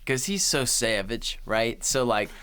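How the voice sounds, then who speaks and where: A man's voice: mid-range voice, expressive, a little slow, pushed and bright, clean tone. A young adult man co-hosting a podcast in casual chat, laughing a lot as he retells scenes and quotes lines. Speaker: podcast co-host.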